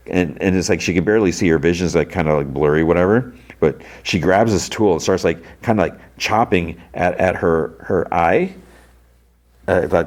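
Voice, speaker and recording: A man with a very low voice talks through a TV episode, recapping it scene by scene. His delivery is loose and rambling, full of filler words and restarts, like a casual podcast host catching listeners up. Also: a little mellow.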